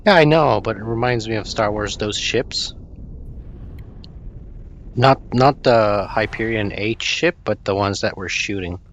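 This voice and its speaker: A man's voice: fairly low pitch, unhurried, fairly bright tone, slight background noise. A man chatting casually with a friend while playing a co-op game, easygoing and hesitant. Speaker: co-op gaming friend. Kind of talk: casual gameplay chat.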